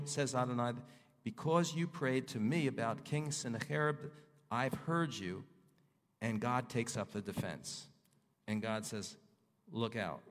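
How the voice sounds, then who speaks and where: Man preaching in a reverberant hall. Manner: rises and falls in pitch, voices prayers with fervor. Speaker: pastor. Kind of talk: sermon with scripture reading.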